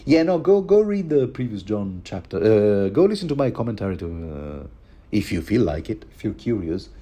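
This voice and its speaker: Rambling man with a low voice. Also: big pitch swings, moderate pace, warm tone. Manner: rambling, chuckling, many fillers and restarts. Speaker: book commentator. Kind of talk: rambling casual commentary.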